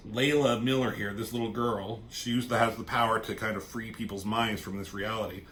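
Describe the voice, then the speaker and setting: A man's voice: lowish voice, fairly even intonation, fairly quick, fairly bright tone, slight background noise. A man reviewing a comic book in a loose, rambling, casual way, swearing freely and trailing off as he goes.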